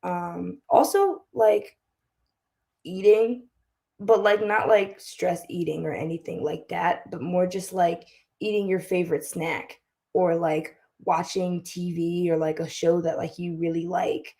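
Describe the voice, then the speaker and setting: A woman's voice: lowish voice, steady tone, measured pace, gravelly, dark tone. A teenage girl on a panel, speaking hesitantly with many fillers. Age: teens. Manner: hesitant, lots of "like". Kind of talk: panel discussion.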